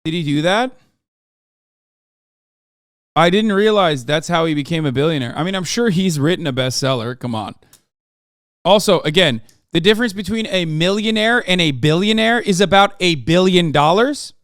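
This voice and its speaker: A man rants sarcastically and profanely as he hosts a political stream. His voice sits fairly high and sounds smooth and clear. It is recorded close and dry. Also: moderate pace, pauses often, fairly bright tone, dry recording. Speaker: streamer host. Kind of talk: live political commentary.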